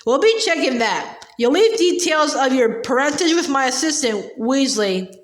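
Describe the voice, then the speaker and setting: A woman's voice: high voice, animated, normal speed. A woman reading aloud and voicing a pompous, impatient middle-aged male minister in a lofty, dismissive manner. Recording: roomy echo.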